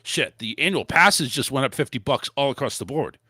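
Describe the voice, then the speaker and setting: Male host, lively rambling chat, dry close sound. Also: mid-range voice, a little fast, husky, no room sound. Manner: loose, rambling delivery with frequent restarts and mild swearing. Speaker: podcast host. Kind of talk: casual chat.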